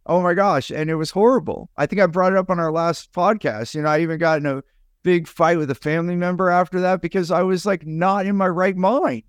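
Middle-aged male podcast co-host, earnest and animated, slightly high voice, dry close mic. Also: a little fast, clear, resonant tone, dry recording. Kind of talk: casual conversational podcast.

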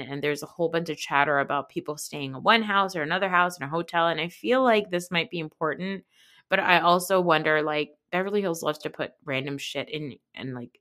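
A woman's voice: low voice, sharp tone. A woman hosting a podcast, recapping a reality show in casual, blunt, exasperated chat and swearing freely. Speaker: podcast host.

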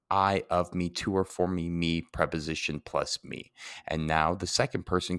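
A man's voice: deep voice, fairly even intonation, normal speed, clean tone, no echo, studio quality. A man giving a casual Latin grammar lesson, chatty and self-deprecating, often asking rhetorical questions. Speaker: Latin teacher.

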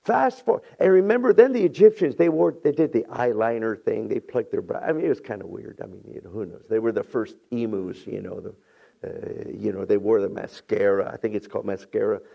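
A middle-aged man preaching a sermon who tells stories, acts out voices, repeats himself and builds to shouting. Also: on the low side, fairly quick, vocal fry, lo-fi sound. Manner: many restarts and repeated phrases. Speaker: pastor.

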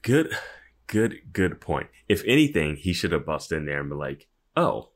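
A man co-hosting a podcast, chatting casually about a show, animated and quick to jump in with laughs. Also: extremely low pitch. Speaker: podcast co-host.

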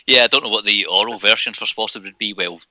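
A man's voice: fairly low pitch, fast, pushed and bright, dry recording, poor audio. A Scottish man and rugby writer, co-hosting a podcast in laid-back casual chat and often hesitating.

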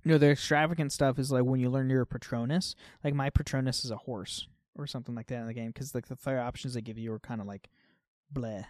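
A man's voice: mid-range voice, fairly even intonation, fast talker, no echo, clean studio sound. A man co-hosting a podcast, chatting casually about a game and often trailing off with "like". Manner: chatty, fillers like "like", trails off softly. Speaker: podcast co-host.

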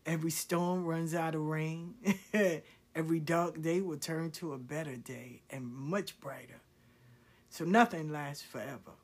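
A woman's voice: deep voice, fairly even intonation, measured pace, husky. A woman and spiritual reader telling her life story on a live video, laughing often, swearing freely and repeating herself to drive home an encouraging, preachy point.

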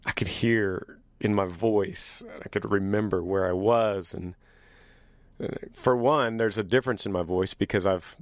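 Dude talking straight to his viewers, joking around, lowish voice, dry close mic. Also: no echo. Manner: animated, joking, teasing. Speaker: host. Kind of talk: casual monologue to viewers.

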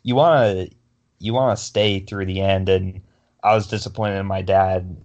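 A man's voice: low-pitched, fairly even intonation, moderate pace, a little mellow, highs cut off. A young man co-hosting a sports podcast, telling a story in a rambling way with lots of fillers and restarts. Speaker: podcast co-host. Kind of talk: casual sports chat.

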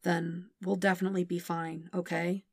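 A woman voicing a calm young prince who speaks softly and steadily to reassure. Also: lowish voice, moderate pace, gravelly, no room sound, studio quality. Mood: reassuring.

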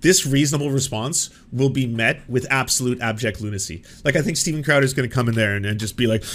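A man talks through a streamed commentary in a loose, casual way, sarcastic and quick to swear. He keeps a middle pitch and often slips into mocking put-on voices to act out what others said. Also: fairly bright tone. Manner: profane, sarcastic, acts out quotes in put-on voices.

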